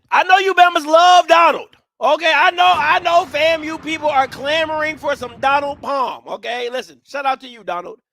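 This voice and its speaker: High, bright-voiced man ranting casually. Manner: blunt, animated, slangy and joking. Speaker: live stream reaction host. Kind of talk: casual live reaction commentary.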